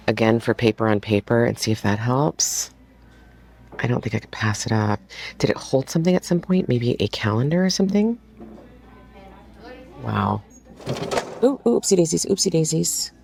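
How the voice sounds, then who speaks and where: A woman reseller talking casually in a thrifting vlog, excitable and gushing, often dropping into a whisper, recorded on a handheld phone in a thrift store. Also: very deep voice. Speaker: vintage home decor reseller.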